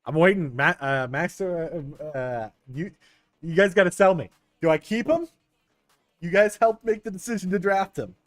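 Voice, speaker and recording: A young man streaming a baseball management game, chatting casually with his viewers, excitable and stumbling over restarts. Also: high-pitched, normal speed, dry recording. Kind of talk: casual gameplay commentary talking to chat. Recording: dry close mic with faint game music.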